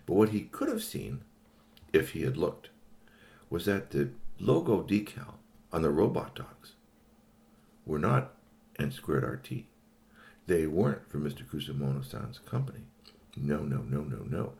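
Low gravelly man telling a story. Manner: animated, swoops into high exclamations, chatty asides. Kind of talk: children's story narration.

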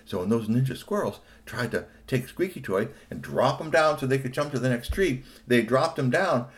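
A middle-aged man narrating a children's story in an animated way, talking to young listeners. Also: medium pitch, normal speed.

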